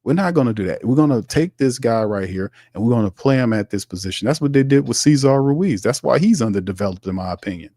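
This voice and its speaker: A man's voice: mid-range voice, lively intonation, fast, few pauses, warm tone, no room sound, clean studio sound. A man hosting sports commentary, ranting heatedly and repeating his points. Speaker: host.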